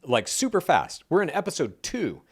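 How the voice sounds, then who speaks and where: A man's voice: a little high, husky. A man co-hosting a podcast, recapping a reality show episode in casual, joking chat. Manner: animated, joking, quick asides. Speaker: podcast co-host.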